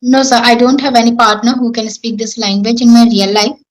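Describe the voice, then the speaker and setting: A woman's voice: a little high, flat delivery, brisk, rough recording. A woman with an Indian accent answering questions in casual English practice, earnest and self-assured. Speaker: English-learning YouTuber.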